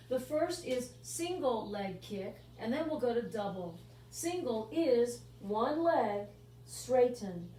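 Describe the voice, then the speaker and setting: A woman with a fairly high voice leads a pilates workout, counting out kicks and stretches at an unhurried pace. She sounds a little far from the mic in a reverberant room, with a faint hum behind her. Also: darkish tone. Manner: counts out moves with rhythmic cues. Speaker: pilates instructor. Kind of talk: guided workout instruction.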